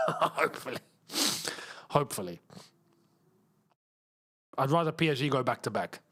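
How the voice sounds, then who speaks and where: A man's voice: mid-range voice, lively intonation, a little slow, fairly bright tone. A man hosting a live football watchalong, chatting casually and joking with frequent laughter. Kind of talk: casual live match commentary.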